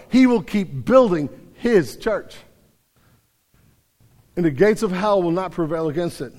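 High-voiced male pastor preaching in a reverberant hall. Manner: emphatic preaching, swinging between loud declarations and quiet stretches. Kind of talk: sermon. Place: church sanctuary.

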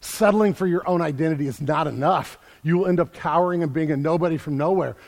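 A man preaching a sermon as a pastor in a church, energetic and repeating words as he builds emphasis. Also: on the high side, quick pace, big-room sound.

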